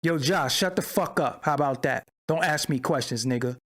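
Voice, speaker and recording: This channel host has a slightly high, somewhat bright voice and speaks at a normal speed. He's doing a livestream commentary rant, profane, mocking and confrontational, while arguing with viewers in the chat.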